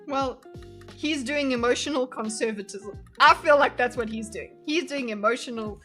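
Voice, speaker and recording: A woman's voice: on the high side, moderate pace, sharp tone, soft background music. A woman from Spain giving casual, chatty reaction commentary, swearing and laughing as she gets heated. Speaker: video commentator.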